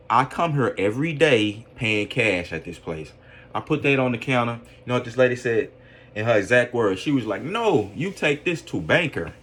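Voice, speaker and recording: A man with a fairly low voice delivers a loose, rambling opinion monologue on a podcast. He leans on constant fillers and keeps asking whether the listener follows him. At times he turns earnest and preachy about faith. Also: a bit bright. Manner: earnest, preaching religious conviction. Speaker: podcast commentator.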